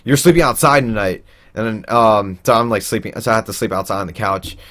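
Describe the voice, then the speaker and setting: A man's voice: fairly low pitch, steady tone, fast, fairly bright tone. A young man telling a personal story in a casual, rambling way, with lots of fillers and restarts. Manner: acts out quoted people in raised voices.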